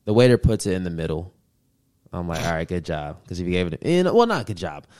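A man's voice: sits low, very animated, fast talker, darkish tone, no echo, studio quality. A man as a podcast guest, telling dating stories in casual chat, laid-back and slangy, laughing often.

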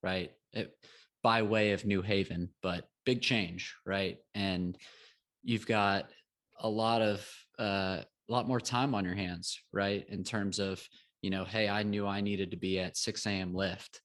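A man's voice: low voice, steady tone, a bit bright. A young man from Texas, a podcast co-host, reflecting casually and checking in with "right?" tags. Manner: measured, frequent "right?" tag questions. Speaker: podcast co-host, former college athlete.

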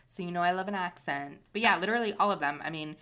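A young woman talks about books on her podcast in an easy, rambling way. She says "like" often and tends to wander off on tangents. Her voice sits a little low but sounds bright and forward. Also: quick pace. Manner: chatty, tangent-prone, lots of fillers. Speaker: podcast co-host. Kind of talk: casual chat.

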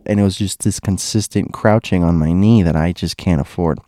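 Young adult man, casual storyteller, low warm voice, digresses and restarts a lot. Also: moderate pace, few pauses, no room sound, clean studio sound. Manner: rambling, many restarts and asides.

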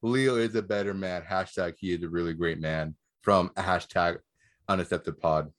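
A man with a fairly low voice trading jokes and friendly trash talk on a podcast. The sound is dry and close. He laughs often and keeps the banter loose. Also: steady tone, moderate pace, a bit bright, no room sound. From Southern California. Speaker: podcast co-host.

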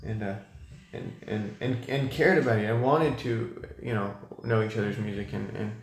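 A young man talking as a guest in a casual conversation, thoughtful and halting, with many fillers and restarts. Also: on the low side, fairly even intonation. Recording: echoey room.

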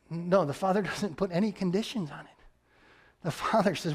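A man delivers a sermon from the pulpit, his voice sitting fairly high for a man. He preaches earnestly and emphatically, leaning on key phrases. He sometimes drops soft and low to stress a point. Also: normal speed, slightly rough. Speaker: pastor.

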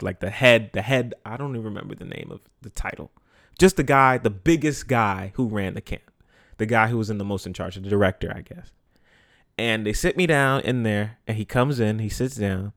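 A man hosting a podcast, telling a personal story in a casual, animated way, acting out what people said and swearing freely. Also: lowish voice, no echo, clean studio sound. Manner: animated, profane, acts out quotes. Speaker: podcast host.

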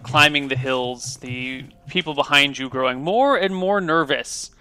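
A man's voice: mid-range voice, measured pace, bright, forceful tone, clean tone, no echo. A man narrating a tabletop game as game master, describing scenes in loose, improvised narration.

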